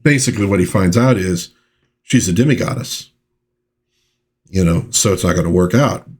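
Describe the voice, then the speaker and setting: A man's voice: low-pitched, normal speed, darkish tone, slightly rough. A man hosting a casual comic book review, chatting in a loose, rambling way with fillers and reading panel dialogue aloud. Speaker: pop culture channel host.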